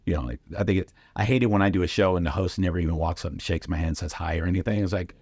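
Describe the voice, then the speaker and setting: A middle-aged man telling comedy anecdotes casually, with lively impressions and lots of fillers. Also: deep voice, racing, creaky, slightly rough, dry recording. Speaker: guest comedian and radio host. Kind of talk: casual storytelling.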